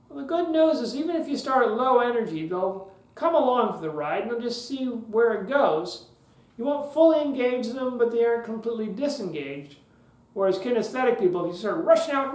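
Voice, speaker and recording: A man's voice: extremely high pitch, animated, brisk, roomy sound, low-quality recording. A man hosting a podcast lesson on public speaking, talking in a conversational way with joking asides.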